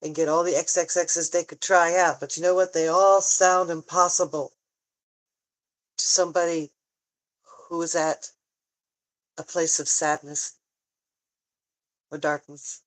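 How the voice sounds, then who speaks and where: A woman talking tearfully in a personal vlog, halting and sighing often, frank and swearing at times. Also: on the low side, steady tone, rough recording. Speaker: vlogger.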